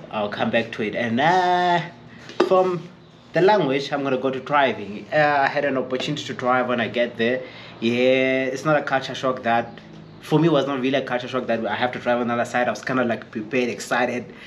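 A man's voice: mid-range voice, slight background noise. A man from Africa, telling stories to camera in a chatty, rambling way and acting out the people he quotes. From Eastern Free State, South Africa. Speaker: chef vlogger. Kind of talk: casual storytelling to camera.

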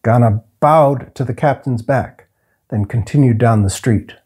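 A man, the author, reading his own short story aloud at home in a steady, measured way. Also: medium pitch, breathy edge. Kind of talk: storybook narration.

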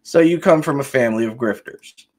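A man's voice: mid-range voice, brisk, darkish tone. A man hosting a ranting political commentary, profane, sarcastic and heated. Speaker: commentary host.

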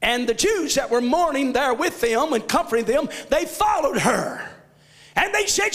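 A male pastor preaching a fervent sermon in a church, often shouting. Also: very high-pitched, expressive, moderate pace, in a large hall. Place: church sanctuary.

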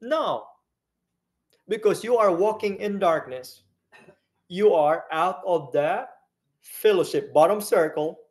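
Slow-preaching man with a higher voice. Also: animated. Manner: teaching Bible study, questions the congregation. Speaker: pastor. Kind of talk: sermon.

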